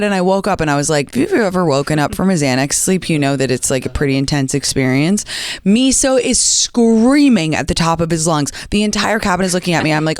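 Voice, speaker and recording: A young adult woman hosting a radio show, telling stories in a chatty way and acting out quotes with big jumps in pitch. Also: lively intonation, fast talker, clean tone, dry recording, studio quality. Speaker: radio and podcast host. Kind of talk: chatty storytelling monologue.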